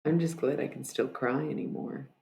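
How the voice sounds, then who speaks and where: A streamer with a gravelly, fry-laden voice pitched in the middle range, speaking into a desk mic. The prose is read with slow, deliberate weight. The chat afterwards is soft and rambling, full of "like"s. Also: steady tone. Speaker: livestreamer. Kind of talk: reading own prose poem aloud, then casual livestream chat.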